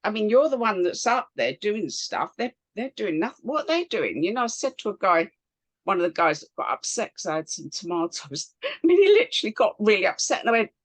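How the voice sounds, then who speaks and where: A woman from England hosts a casual interview over a video call. Her pitch swings a lot as she tells stories in an animated, chatty way. The sound is dry, with no room echo. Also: brisk. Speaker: host.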